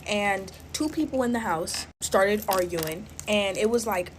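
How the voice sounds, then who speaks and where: A woman's voice: medium pitch, unhurried, noisy background. A woman in her twenties chatting casually while making slime, drawling and filling her talk with "like" and "y'all". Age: 20s.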